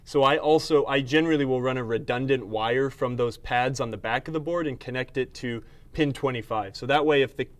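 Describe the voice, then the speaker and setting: A man hosting a live stream about repairing pinball machines, talking fast and eagerly despite being exhausted. His voice sits in an ordinary middle range, and his explanations are full of ums and restarts. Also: medium pitch. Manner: quick, energetic explaining with fillers. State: tired. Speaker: pinball repair technician host. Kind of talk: live-stream technical chat.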